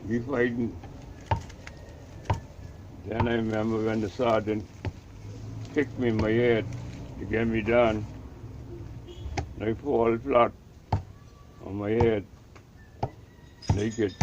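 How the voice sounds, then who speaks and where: An older man with a Bahamian accent, a Rastafarian elder telling a story from his life in a vivid, dramatic way and acting out the voices of the people in it. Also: lowish voice. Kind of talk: storytelling in an interview. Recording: dull lo-fi recording with clear background noise.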